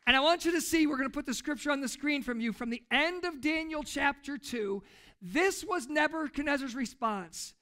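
A man's voice: very high voice, animated, moderate pace, pushed and bright. A man preaching a sermon in church as pastor, retelling a story emphatically and putting questions to the congregation. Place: church service.

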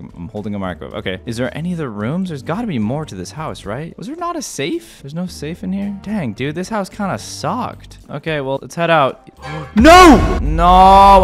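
An excitable man gives running commentary as he plays, chatting to his viewers in a voice that leaps up and down. He talks from his desk, breaks into sudden yelps now and then, and has soft music playing behind him. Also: mid-range voice. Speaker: gaming video creator. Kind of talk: live gameplay commentary.

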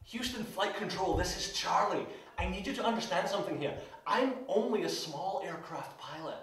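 A man's voice: high-pitched, lively intonation, moderate pace, a bit bright. A man playing a panicked small-plane pilot who is out of his depth and gives an urgent radio report. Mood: anxious. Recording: echoey room, mic far off.

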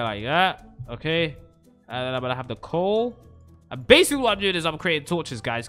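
Young male gaming YouTuber, animated and jokey, higher voice, faint game music underneath. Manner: excitable, jokey, swings between shouting and nervous muttering. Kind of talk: Minecraft let's play commentary.

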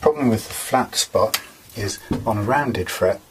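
A man's voice: on the low side, a little slow, noisy background. A man casually talking through guitar fret work in a workshop, rambling with many fillers as he explains each step. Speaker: guitar repairer.

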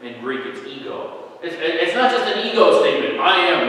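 A man preaching a sermon as pastor, in a conversational way that sinks to a low murmur in his asides. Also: moderate pace, few pauses, bright, forceful tone, slight background noise. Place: church sanctuary. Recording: echoey hall from far off.

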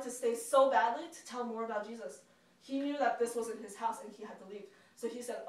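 A woman teacher telling a Bible story to children with lively expression. Her voice is fairly high, and it comes from across an echoing room, recorded from a distance. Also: brisk. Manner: animated storyteller. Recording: echoey room from far off.

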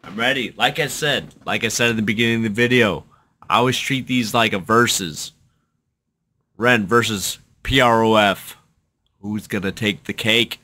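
A man, a musician, giving casual, excited commentary while reacting to a song, thinking out loud with many restarts. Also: on the low side, moderate pace.

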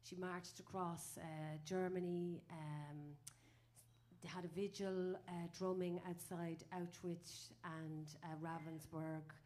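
A woman's voice: lowish voice, level tone, takes it slowly, a little mellow. An Irish folk singer chatting onstage between songs, rambling with many fillers and laughing at her own stories. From Ireland. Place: small live music venue.

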